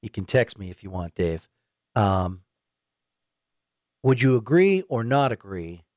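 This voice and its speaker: A man hosting sports talk radio, his voice rising and falling a lot as he chats. He slips into high, excited voices when he plays out what fans say. The sound is close and dry, recorded in a studio. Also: unhurried, no echo. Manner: animated, quotes imagined fans in raised voice. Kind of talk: casual sports radio chat.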